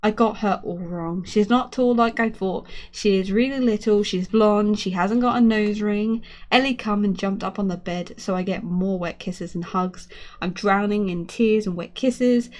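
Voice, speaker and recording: A woman's voice: medium pitch, normal speed, a little mellow. A woman reading a children's book aloud, narrating expressively in first person. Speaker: storyteller.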